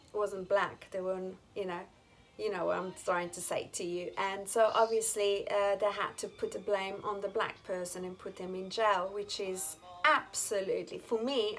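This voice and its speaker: A woman's voice: mid-range voice, a bit bright, low-quality recording. A woman vlogger telling personal stories to her viewers in a casual, earnest and emphatic way. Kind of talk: casual storytelling to camera.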